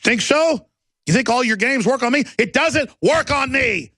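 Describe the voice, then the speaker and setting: A male talk show host delivering a loud, fervent, mocking rant. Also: very high-pitched, animated, moderate pace, no echo, clean studio sound. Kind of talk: ranting monologue.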